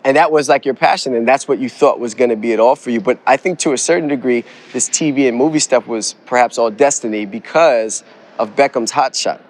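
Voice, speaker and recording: Male host, laid-back casual interviewer, chuckles along, average pitch. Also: brisk.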